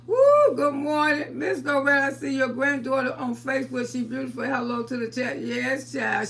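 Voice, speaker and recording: High, gravelly older woman chatting live. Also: animated, normal speed, hardly any pauses, a bit bright. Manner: chatty and playful, laughs often, calls viewers sugar and baby. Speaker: livestream host. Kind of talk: casual live-stream chat, greeting viewers.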